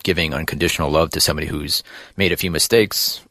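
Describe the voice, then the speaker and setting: A man interviewing a guest, offering gentle, affirming reflections and questions. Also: rumbling low, steady tone, quick pace, no room sound, studio quality. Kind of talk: conversational interview.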